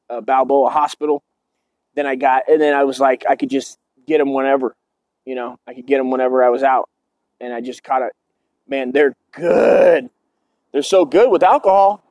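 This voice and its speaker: A man's voice: fairly high pitch, a little mellow, no room sound. A man in his forties hosting a podcast, telling stories casually in a profane, rambling way and tossing in "dude" and "man". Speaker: podcast host. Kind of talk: casual storytelling.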